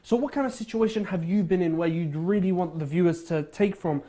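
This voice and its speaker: A man hosts a live charity broadcast. His voice sits very high, and he talks in a friendly, halting way with plenty of restarts. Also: mellow. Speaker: charity telethon host.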